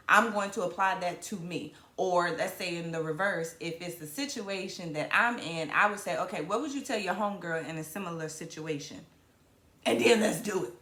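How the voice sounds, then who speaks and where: A woman comedian from Virginia in her thirties, hosting a casual live stream in a playful, animated way. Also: fairly low pitch. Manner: animated, playful, southern-tinged slang with hype-up exclamations. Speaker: comedian and show host. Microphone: camera mic on a live stream. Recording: roomy echo.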